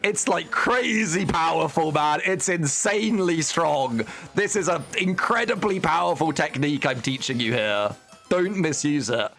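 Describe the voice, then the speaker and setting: A man streaming a game, talking in a loose, rambling way. He cracks jokes, swears freely and keeps throwing in "dude". Soft music plays quietly behind him. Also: on the high side, animated, measured pace, gravelly. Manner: rambling, joking, swears and says "dude" often. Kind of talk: casual gameplay chat.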